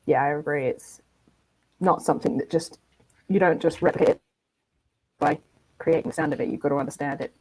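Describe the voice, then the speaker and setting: Low-voiced woman explaining thoughtfully. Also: a little fast, long pauses, a little mellow, slightly rough, rough recording. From Britain. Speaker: podcast co-host. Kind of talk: casual chat.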